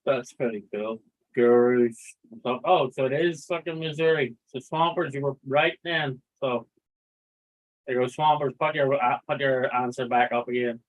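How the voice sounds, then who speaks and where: A man's voice: mid-range voice, measured pace. A man hosting a casual livestream, rambling, swearing freely and reading chat messages aloud. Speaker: livestream host. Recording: tinny phone-like audio.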